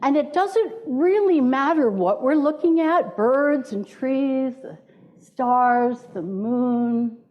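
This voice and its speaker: Woman minister, playful sermon, slightly high voice, church sanctuary, muffled recording. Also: lively intonation, takes it slowly. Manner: playful, invites congregation to repeat words.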